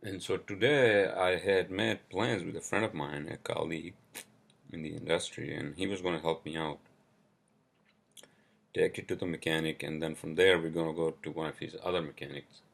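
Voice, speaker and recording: A man's voice: sits low, steady tone, normal speed, gravelly. A man hosting a solo podcast, venting in a casual, profane, frustrated rant. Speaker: podcast host.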